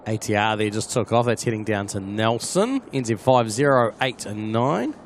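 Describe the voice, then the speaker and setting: A man's voice: fairly low pitch, animated, moderate pace, slight background noise. A man with a New Zealand accent hosting a casual plane-spotting live stream, chatting and answering viewers by name.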